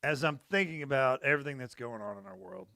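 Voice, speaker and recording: A man, a pastor, telling Bible stories in a casual, animated chat over coffee. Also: on the high side, quick pace, vocal fry, dry recording, studio quality. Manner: animated storyteller, laughs often.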